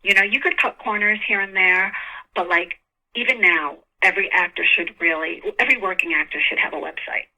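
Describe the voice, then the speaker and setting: A woman's voice: on the low side, fairly even intonation, fairly quick, bright, forceful tone, highs cut off. A woman with a New York accent, a guest actress talking casually in an interview and laughing often.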